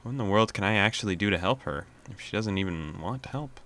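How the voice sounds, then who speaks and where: A man's voice: lowish voice, animated, brisk, fairly bright tone. A man hosting a let's play, casually reading a visual novel's narration aloud with amused asides.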